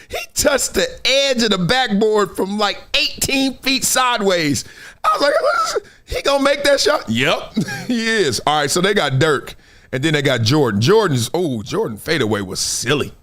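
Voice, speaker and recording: A man's voice: high voice, sing-song, unhurried, fairly bright tone. A man from Compton hosting a live sports talk stream in a casual, slangy, playful way, laughing often. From Compton, California. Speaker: show host.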